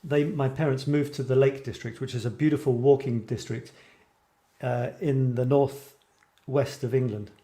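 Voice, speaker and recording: A middle-aged man from Scotland hosts a live creative writing show, talking in a loose, rambling way that doubles back on itself as he chats with his viewers. His voice is mellow and of middling pitch. The sound carries a noticeable room echo. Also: steady tone, a little slow. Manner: rambling, self-interrupting, chatty with viewers. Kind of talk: casual live-stream chat.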